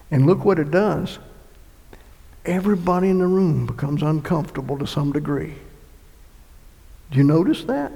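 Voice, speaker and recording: High, gravelly preacher in a reverberant church. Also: male voice. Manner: preaching with sudden loud swells and hushed drops. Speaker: pastor. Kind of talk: sermon. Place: church sanctuary.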